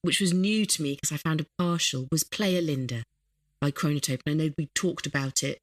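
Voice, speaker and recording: A woman on a podcast telling a relaxed, chatty story. Her voice sits somewhat low for a woman. The recording is dry and close. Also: fairly quick, no echo. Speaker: podcast co-host. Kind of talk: casual chat.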